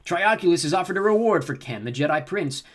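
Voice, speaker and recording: A man's voice: sits high, expressive, fairly quick, pitched above the performer's own voice. A man voicing a sly male alien bounty hunter in an audiobook, with a sneering manner.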